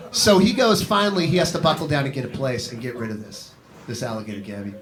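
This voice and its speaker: A man's voice: medium pitch, fast talker. A man doing comedic storytelling on a live advice panel, profane and rambling, swinging his voice up and down as he keeps turning to the person asking. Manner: profane, rambling, animated storyteller who keeps addressing the asker. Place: comedy venue with live audience. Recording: live show with audience laughter. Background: crowd laughing.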